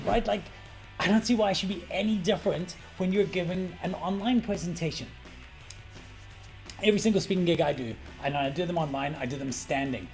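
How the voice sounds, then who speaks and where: A middle-aged man coaching on presentations in a brash, animated vlog style, swearing freely for emphasis. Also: high voice, gravelly. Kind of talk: energetic talking-head vlog. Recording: faint guitar music underneath.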